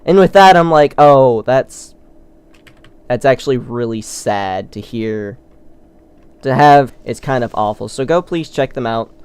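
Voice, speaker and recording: A man chats loosely while he plays, jumping between excitement and self-mocking asides. His voice is smooth and clear, with a middling pitch. He sounds like a casual gaming host talking to his viewers. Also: unhurried, no echo. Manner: rambling and excitable, self-deprecating. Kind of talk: let's play commentary.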